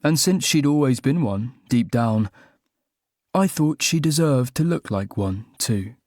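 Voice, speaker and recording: A man's voice: medium pitch, animated, unhurried, a little mellow, no echo, clean studio sound. A man reading a romantic comedy audiobook in the first person, with wry, self-deprecating comic timing. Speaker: audiobook narrator. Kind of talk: first-person scripted narration.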